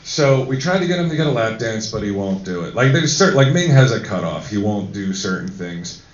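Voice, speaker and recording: A man's voice: lowish voice, big pitch swings, brisk. A man telling a crude, rambling story with many fillers, on stage at a live podcast in a cinema. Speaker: podcast co-host. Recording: echoey hall, distant mic, dull sound.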